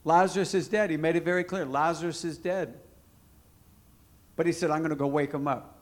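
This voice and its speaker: Emphatic male preacher, fairly high voice. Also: fairly even intonation, brisk. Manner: emphatic, asks questions and answers them himself. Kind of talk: sermon.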